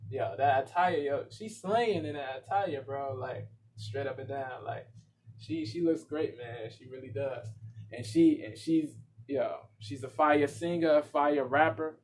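A man's voice: mid-range voice, a little slow, slight background noise. A man hosting a reaction video, talking casually with slang and lots of repetition. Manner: laid-back, repeats himself, slangy asides.

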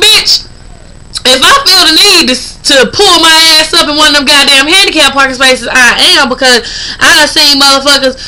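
A woman's voice: sits high, low-quality recording. Foul-mouthed woman ranting in a vlog. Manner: foul-mouthed, indignant, gets loud and animated when quoting. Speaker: vlogger. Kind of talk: profane ranting storytime vlog.

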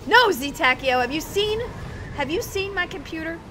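A woman chatting excitedly to her viewers while she plays a video game live, talking back at the characters on screen. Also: very high-pitched, normal speed, slight background noise. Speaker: game streamer. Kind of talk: live gameplay commentary.

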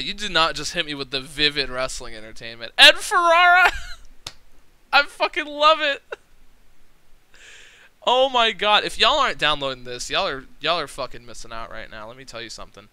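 A young man streaming a game, reading its text aloud and gushing with excitement, swearing freely and rambling. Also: fairly high pitch, brisk, clear, resonant tone, low-quality recording.

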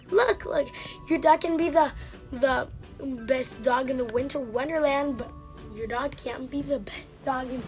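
Woman host, high voice, unhurried delivery, live gameplay commentary over game music, excitable and teasing. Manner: excitable and chatty, mock-teasing game characters. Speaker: gaming channel host.

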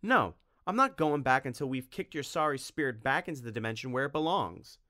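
A man voicing an eager, stubborn young boy in a storybook reading, pitching his voice up. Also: big pitch swings, moderate pace, fairly bright tone, no room sound, studio quality. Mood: defiant.

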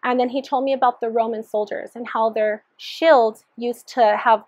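A woman's voice: fairly high pitch, steady tone, normal speed, a little mellow, no echo, lo-fi sound. A woman sharing her personal testimony in an earnest storytelling manner, re-enacting the dialogue as she recalls it.

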